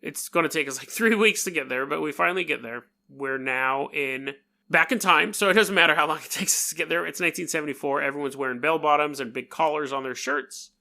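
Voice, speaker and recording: A man's voice: on the high side, a little fast, creaky, bright, forceful tone. A man with a New York accent hosting a podcast, telling a story in a rambling, jokey way and imitating sounds. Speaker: podcast host. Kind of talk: casual storytelling monologue.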